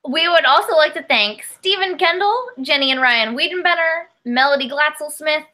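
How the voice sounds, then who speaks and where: A woman's voice: high-pitched, normal speed, sharp tone. A woman co-hosting a comedy podcast, chatting upbeat and reading out a list of thanks. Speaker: podcast co-host. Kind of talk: casual chat.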